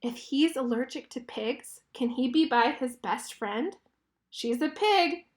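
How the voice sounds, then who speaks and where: A woman's voice: sits high, takes it slowly. A woman teacher reading a picture book aloud to children, explaining the pictures and asking them questions.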